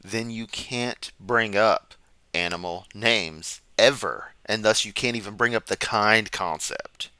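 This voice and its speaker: A man's voice: lowish voice, slow pace, pushed and bright, clear, resonant tone, dry recording. A man giving sarcastic, rambling reaction commentary from a chair at home. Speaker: commentary streamer. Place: home room, seated.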